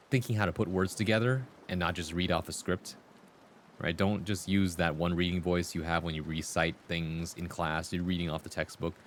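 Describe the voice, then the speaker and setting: A man's voice: deep voice, a little hiss or hum. A man hosting a livestream, talking casually to his chat and acting out voices in his stories. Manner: conversational, acts out quoted voices in anecdotes. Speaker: livestream host.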